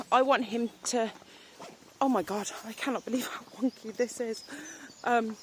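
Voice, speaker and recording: A woman in her thirties with a British accent, chatting casually to a phone while out riding her horse in the countryside, rambling with lots of ums and talking to the horse now and then. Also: fairly high pitch. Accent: British English. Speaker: vlogger. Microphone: phone held while riding. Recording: faint outdoor noise. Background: outdoor ambience with animal sounds.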